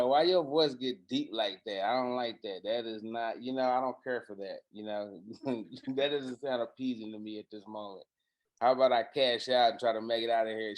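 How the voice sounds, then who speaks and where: Animated, profane man telling stories. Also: mid-range voice. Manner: animated, profane storyteller with slang. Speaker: podcast guest. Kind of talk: casual storytelling chat. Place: quiet room at home with plants.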